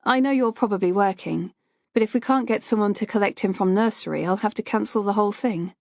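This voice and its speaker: An easygoing man asking a favour, chatty and friendly, as a female narrator voices him. The voice stays close to her own, only a little lower, in a dry booth sound. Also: a little fast, gravelly, no echo, lightly acted. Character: man, sister's husband, casual and friendly.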